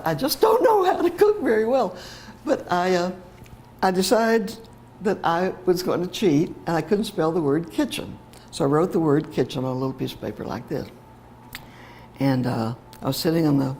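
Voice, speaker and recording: An older woman, a teacher educator, telling a heartfelt personal story in an animated way, with fillers and laughter. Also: deep voice, normal speed, a little hiss or hum.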